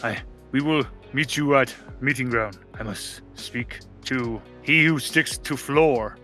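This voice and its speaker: Brief: male game master, bright and punchy, playful narration, faint music. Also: medium pitch, takes it slowly. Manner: playful, laughs while narrating, does character voices.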